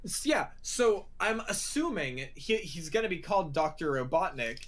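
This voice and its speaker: Young man, rambling casual chat, swears a lot, slightly raised pitch. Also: very animated, normal speed, a bit bright. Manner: rambling, swears freely, does silly voices. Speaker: podcast co-host.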